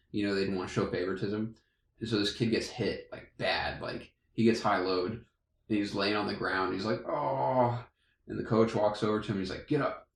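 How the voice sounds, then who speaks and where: A man's voice: on the low side, gravelly. A young man casually telling a funny story as podcast co-host, laughing often. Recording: echoey room.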